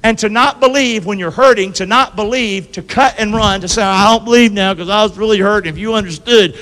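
Male pastor, high voice, call-and-response sermon, long church reverb. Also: fairly quick, hardly any pauses, bright, forceful tone. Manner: call-and-response preaching, asks congregation to repeat. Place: church sanctuary.

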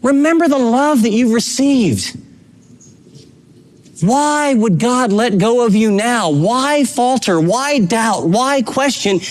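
A man with a notably high voice delivers a sermon from the pulpit. He reads scripture and urges his listeners on with emphatic, fatherly exhortation. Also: lively intonation, slow pace. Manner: preaching with urgent emphasis. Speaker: pastor.

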